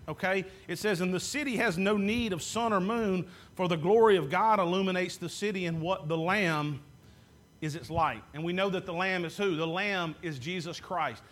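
A man's voice: sits high, a bit bright. A man preaching a sermon as pastor, posing questions to the congregation and answering them himself.

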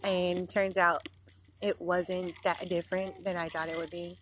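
Recorded in a park, a woman in her thirties hosts a podcast in a relaxed, rambling chat full of fillers, slightly short of breath. She speaks unhurriedly in a lowish, level tone, and a little hiss or hum can be heard.

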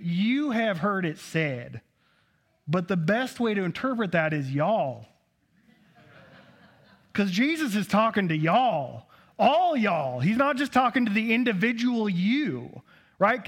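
A man preaching a sermon as pastor in a church, conversational and joking with asides. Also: sits high.

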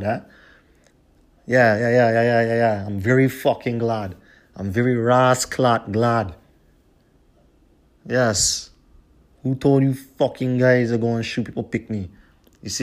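Profane ranting man. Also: lowish voice. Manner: profane, heated, repetitive ranting. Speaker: podcast host. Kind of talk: solo podcast rant.

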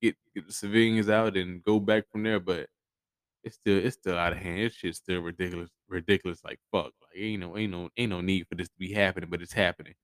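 A man's voice: sits low, steady tone, brisk, no room sound. A man hosting a podcast with blunt, profane commentary, frequent stammered restarts. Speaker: podcast host. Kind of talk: casual solo commentary.

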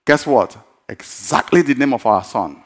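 A male pastor telling a story in a sermon, animated and repetitive, often breaking into laughter. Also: medium pitch, normal speed.

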